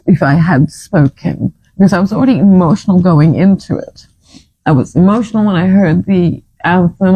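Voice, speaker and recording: A woman with a mellow, husky voice tells a personal story to the camera. She rambles with emotion and often stops and starts her sentences, her tone soft and low in brightness. It sounds like a casual vlog. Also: moderate pace, dull audio. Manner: emotional, rambling retelling with frequent restarts. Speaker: vlogger.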